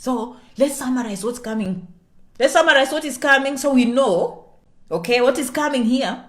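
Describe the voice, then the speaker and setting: Woman, slightly high voice, chatty explainer who drops to a whisper on sensitive points. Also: unhurried. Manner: checks in with "okay?" constantly; animated, swings between loud and soft. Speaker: immigration vlogger. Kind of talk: casual explainer to viewers.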